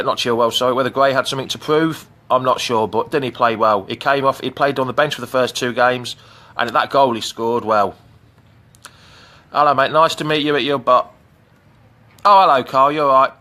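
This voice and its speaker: Live-streaming from an outdoor pool through his phone camera, a middle-aged Midlands man who hosts a fan channel chats casually and says hello to viewers by name. He has a mid-range voice with a sharp tone.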